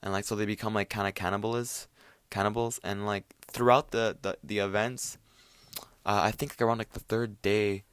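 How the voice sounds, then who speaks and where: Young man, casual solo host, rambling, lots of swearing, low voice, dry sound. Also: flat delivery, moderate pace, fairly bright tone, clear, resonant tone, dry recording. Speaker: podcast host.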